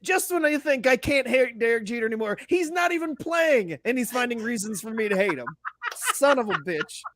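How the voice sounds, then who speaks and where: A man's voice: extremely high pitch, lively intonation, a little fast, fairly bright tone. A young man co-hosting a casual sports podcast, ranting with lots of profanity and "like" fillers. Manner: frequent "like" fillers and restarts. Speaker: podcast co-host.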